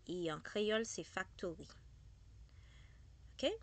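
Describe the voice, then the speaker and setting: A woman teaching vocabulary at a slow, unhurried pace. She repeats each word carefully as she moves between languages. Her voice sits fairly low for a woman. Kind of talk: vocabulary lesson.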